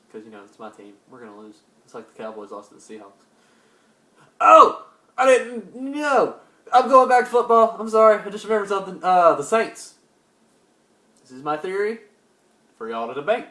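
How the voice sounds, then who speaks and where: Young male host, rambling and hyper, loud sudden whoops, echoey room, mic a few feet off. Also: medium pitch, far from the mic. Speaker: sports talk host. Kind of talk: casual solo sports talk.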